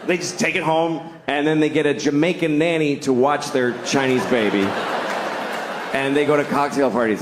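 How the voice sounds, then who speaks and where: A man's voice: a little high, steady tone, normal speed. Wry, conversational male stand-up comic. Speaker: stand-up comedian. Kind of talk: stand-up routine. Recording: loud ambient noise.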